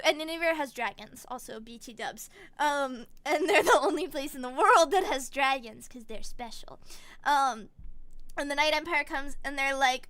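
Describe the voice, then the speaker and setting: A young woman streamer chatting casually, retelling things in an animated way with quick little voices and giggles. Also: high-pitched, no echo. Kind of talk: casual chat.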